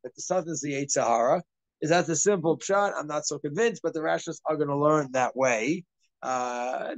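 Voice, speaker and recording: A man teaching an informal Torah class as a rabbi, lively and quick, acting out little scenes as he explains. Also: a little high, no room sound. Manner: animated, quick, acts out scenes in asides.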